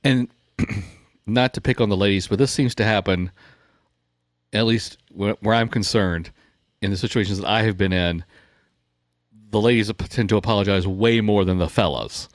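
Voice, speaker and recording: A man's voice: fairly low pitch, normal speed, long pauses, no echo, studio quality. A man co-hosting a parenting podcast, telling wry everyday stories and acting out little scenes. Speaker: podcast co-host. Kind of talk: casual podcast discussion.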